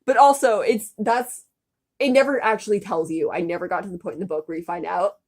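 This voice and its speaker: A woman's voice: mid-range voice, a little fast, darkish tone. A woman co-hosting a comedy podcast, reading aloud from a story she wrote and commenting on it with exasperated amusement. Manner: reads her old writing aloud, then reacts with exasperated laughter. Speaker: podcast co-host.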